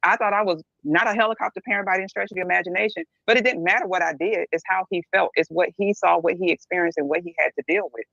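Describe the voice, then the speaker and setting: A woman's voice: on the low side, quick pace, creaky, hardly any pauses, a bit bright. Woman, middle-aged, blunt and emphatic, candid podcast talk, muffled lo-fi sound, no room echo. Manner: blunt, emphatic, keeps asking "right?".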